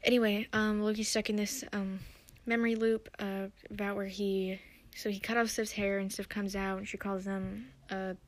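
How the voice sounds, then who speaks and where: A woman's voice: mid-range voice, level tone, normal speed, few pauses, no echo. A woman hosting her own podcast, recapping a TV episode in a chatty, rambling way with many fillers and restarts. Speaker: podcast host.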